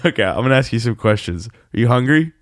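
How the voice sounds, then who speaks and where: A man's voice: mid-range voice, lively intonation, fast, no room sound. A man co-hosting a casual podcast, teasing and pressing his partner with frequent laughter. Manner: teasing, persistent, laughs often. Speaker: podcast co-host. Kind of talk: casual banter.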